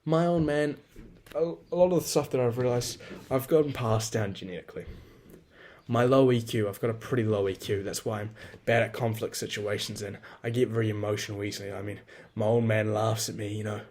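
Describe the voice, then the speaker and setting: A man's voice: on the low side, steady tone, fairly quick, a little mellow. A young man talking through a rambling, frank personal monologue, swearing freely and poking fun at himself. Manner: rambling, swears a lot, frank and self-deprecating.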